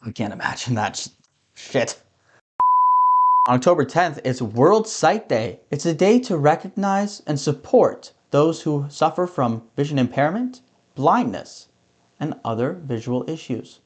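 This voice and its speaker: Guy doing a late-night style comedy monologue, deadpan, jokey. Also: on the high side, measured pace. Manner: deadpan jokey delivery with put-on voices. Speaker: comedy show host. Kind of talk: stand-up monologue.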